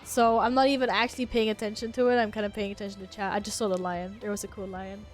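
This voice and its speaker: A woman's voice: mid-range voice, flat delivery, quick pace, faint music behind. A woman streamer in casual chat, swearing, laughing and reading chat messages aloud.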